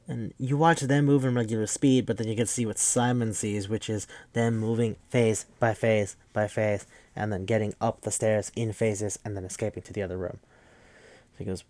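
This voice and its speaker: A man's voice: mid-range voice, fairly even intonation, unhurried, darkish tone, no room sound. A man casually recapping a film plot on a podcast, rambling and profane, with lots of filler words. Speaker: podcast host.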